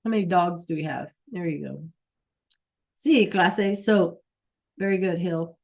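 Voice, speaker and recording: A woman's voice: fairly low pitch, measured pace, vocal fry, darkish tone. A woman teaching a Spanish class online over a computer mic, patient, checking in often with "okay?" and "right?".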